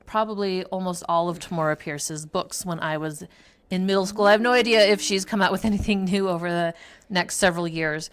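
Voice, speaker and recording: A woman's voice: on the low side, brisk, clean tone. A middle-aged woman chatting casually about books, rambling and correcting herself. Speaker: book reviewer, mother. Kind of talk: casual book chat.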